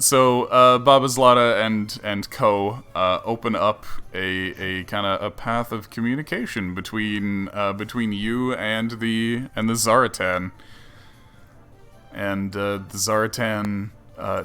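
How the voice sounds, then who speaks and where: A man running a tabletop game as game master, narrating with lots of fillers and laughs. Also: on the low side. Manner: animated, laughs often, many fillers and restarts.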